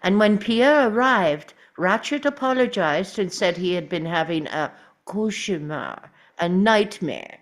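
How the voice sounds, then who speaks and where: A woman's voice: medium pitch, animated, lightly acted. Woman reading a fussy, courteous male detective. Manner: measured, courteous, precise. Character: fastidious polite male detective, middle-aged. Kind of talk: table read.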